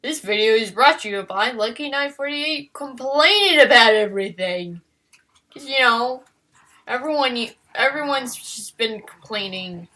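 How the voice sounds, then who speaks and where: A woman rambles casually while she works on a drawing, in a high, bright voice. She talks at an unhurried pace. She turns playfully to her dog now and then. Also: expressive. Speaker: digital artist.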